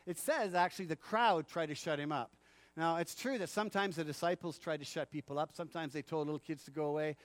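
A man preaching a sermon in a church, animated, acting out the quotes and laughing often. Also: on the high side, fast, dry recording. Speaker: pastor.

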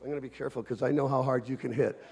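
A man's voice: medium pitch, fairly even intonation, racing, creaky, a little mellow, husky. A pastor from Canada preaching a sermon to his congregation, earnest and emphatic, leaning on repetition.

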